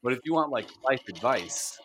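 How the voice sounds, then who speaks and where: A man's voice: medium pitch, animated, normal speed, fairly bright tone, soft background music. A man co-hosting a podcast in casual, crude, joking chat that rambles. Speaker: podcast co-host.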